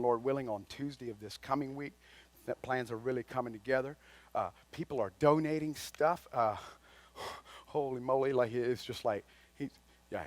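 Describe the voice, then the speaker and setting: A man preaching a folksy, conversational sermon, swinging between loud and quiet. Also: mid-range voice, no echo. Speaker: lay speaker at a chapel.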